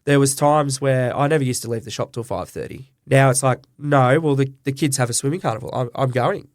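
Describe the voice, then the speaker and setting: A man's voice: mid-range voice, fairly quick, no room sound, clean studio sound. A middle-aged Australian man, a butcher and business owner, telling his story candidly and with feeling in an interview. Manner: earnest, emotional storyteller who acts out quoted dialogue.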